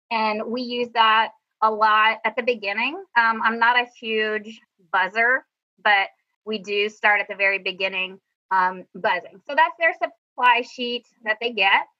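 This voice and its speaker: Over a lo-fi connection, a woman with a highish voice presents to a video call via screen share. She's a middle school band director, and her manner is chatty, cheerful, and self-mocking.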